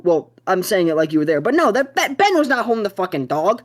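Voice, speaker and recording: A young man hosting a podcast, telling a story in a profane, excitable way. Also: high-pitched, fast talker, few pauses. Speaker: podcast host.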